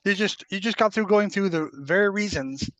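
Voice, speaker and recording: Male event host, casual and agreeable, slightly high voice. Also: normal speed, fairly bright tone, no echo, low-quality recording. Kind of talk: casual chat.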